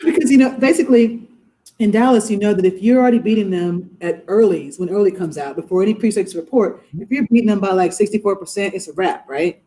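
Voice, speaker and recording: Animated woman judge telling stories. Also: medium pitch, fast talker, rough recording. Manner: animated, acts out quoted voices. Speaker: judge, interview guest. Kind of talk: casual storytelling in a podcast interview. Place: her courtroom.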